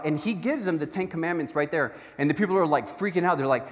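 A man preaching a sermon as a pastor, telling Bible stories in an animated way and acting out their voices. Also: on the high side, fast talker, hardly any pauses, long reverb tail. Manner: animated storytelling with acted-out voices.

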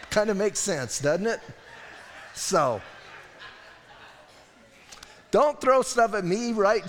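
A pastor delivering an expository sermon in a conversational way, breaking off into wry asides and correcting himself. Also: male voice, sits high, in a large hall. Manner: conversational, self-interrupting preaching with wry asides.

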